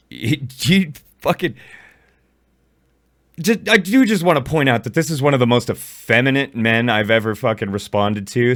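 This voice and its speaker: A man's voice: on the low side, a bit bright, no room sound. An adult man ranting angrily in a profane reaction commentary, recorded close on a mic. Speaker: commentary YouTuber.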